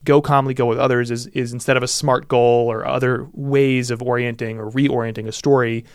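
A man hosting a podcast, talking in a casual, animated way with quick asides. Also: mid-range voice, smooth, no room sound, studio quality. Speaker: podcast host.

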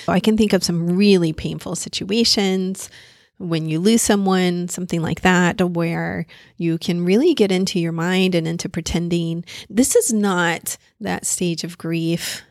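Woman, therapist, casual teaching talk, thinking aloud, some vocal fry, dry close sound. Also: fairly low pitch, steady tone, unhurried, darkish tone, no echo.

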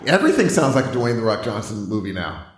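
A man's voice: on the low side, big pitch swings, quick pace, echoey room, heavy background noise. A man co-hosting a podcast, talking animatedly and laughing as he gives his movie picks. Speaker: podcast co-host. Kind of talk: casual movie-awards chat.

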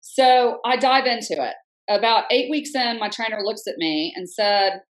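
Animated woman in her fifties telling a story. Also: a little high, normal speed, rough recording. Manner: animated, acts out quoted speech, frank. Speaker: podcast guest, entrepreneur. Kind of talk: conversational storytelling.

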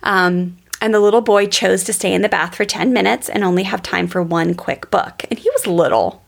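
A woman explains parenting ideas to her podcast listeners in a loose, storytelling way. She keeps turning to them as "guys". Her middle-pitched voice has a gravelly, fry-laden edge. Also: moderate pace. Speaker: parenting educator. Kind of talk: podcast teaching monologue.

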